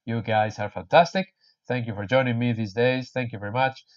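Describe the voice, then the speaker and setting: A man teaching an English lesson online, jokey and animated, repeating words slowly for learners. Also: mid-range voice, muffled recording. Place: home or small room in Spain.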